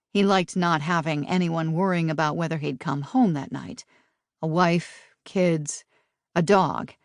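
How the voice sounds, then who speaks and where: A woman with a fairly low voice reads a novel aloud in a steady, measured audiobook style. The recording is close and completely dry, with no room sound around her. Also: no room sound. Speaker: audiobook narrator. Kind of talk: scripted audiobook narration.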